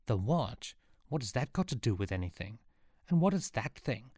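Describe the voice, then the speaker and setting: A man's voice: medium pitch, sing-song, moderate pace, a little mellow, dry recording, studio quality. A man doing a stammering young hero. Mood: alarmed. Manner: stammering, alarmed. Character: young male time traveller, anxious.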